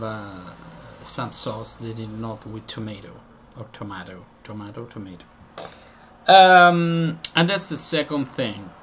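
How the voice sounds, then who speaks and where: A man's voice: medium pitch, fairly bright tone, a little hiss or hum. A man from Italy with an Italian accent touched by British and American tones, explaining casually with many fillers and self-corrections. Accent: Italian, mixed with British and some American. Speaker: video host.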